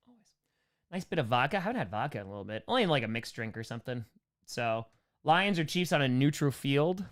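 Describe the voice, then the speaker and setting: In a loose, upbeat live Q&A, a young New York livestreamer answers superchats and fires off brief thank-yous to donors. His pitch leans high and his delivery dips and climbs lively as he riffs.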